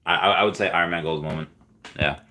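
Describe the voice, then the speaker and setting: A man's voice: deep voice, steady tone, fast talker, bright, forceful tone. A man hosting a casual livestream, rambling and reading viewer comments aloud. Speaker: livestream host.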